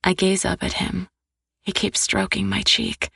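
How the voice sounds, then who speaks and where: Slow husky female audiobook narrator. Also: medium pitch, sing-song, fairly bright tone, dry recording, clean studio sound. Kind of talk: first-person romance audiobook narration.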